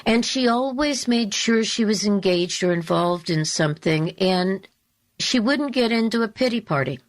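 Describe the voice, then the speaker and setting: A woman talk show host telling a story in a slow, deliberate, emphatic way, repeating her key phrases. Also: medium pitch, lively intonation. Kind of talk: storytelling monologue.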